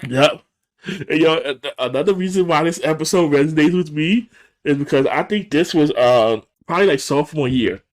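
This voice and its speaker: A man on a podcast couch chatting loosely about a sitcom episode, with a slightly raised voice. He keeps slipping into the characters' lines, jumping high and dropping low as he acts them out. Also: moderate pace. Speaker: podcast co-host. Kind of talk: casual chat recapping a TV episode.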